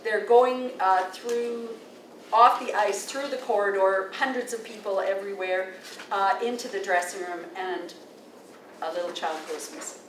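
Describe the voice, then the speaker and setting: A woman's voice: medium pitch, steady tone, unhurried. Older Canadian woman, risk manager at a meeting, chatty storyteller, recorded from a distance in a reverberant room. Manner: chatty, digressive, with many fillers and restarts. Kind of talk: informal presentation with anecdotes. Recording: echoey room, distant mic, faint noise.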